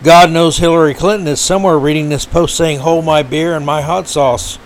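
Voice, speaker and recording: A man's voice: on the high side, fairly even intonation, normal speed, a little hiss or hum. A man hosting his own podcast, giving heated, indignant political commentary with frequent fillers and restarts. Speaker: podcast host.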